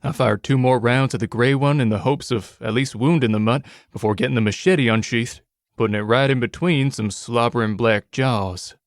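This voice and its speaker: A man's voice: mid-range voice, moderate pace, dry recording, studio quality. A man narrating an audiobook in a wry, casual first-person manner.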